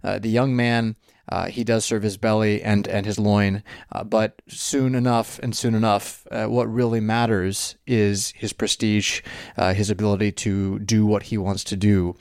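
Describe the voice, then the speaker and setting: A pastor co-hosting a podcast, thinking aloud in halting, searching sentences with many restarts. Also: male voice, lowish voice, level tone, gravelly, darkish tone, clean tone, dry recording, studio quality. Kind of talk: reflective discussion.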